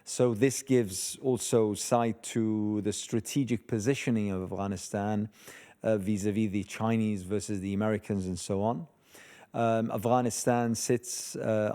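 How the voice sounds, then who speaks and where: A man interviewing, asking long questions in slow, searching, hesitant phrasing. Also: fairly low pitch, dark tone.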